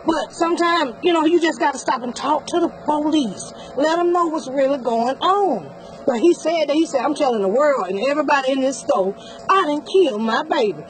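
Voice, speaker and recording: A woman's voice: sits high, normal speed, low-quality recording. A woman, a customer witness recounting events in a rambling, conversational way for a news interview.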